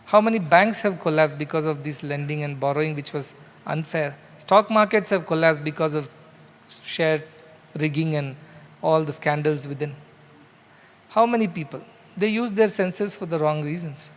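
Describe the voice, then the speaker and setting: A man's voice: fairly high pitch, normal speed. A man with an Indian English accent gives a spiritual discourse in a large hall, explaining scripture loosely and conversationally through a story. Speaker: spiritual speaker. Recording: long hall reverb.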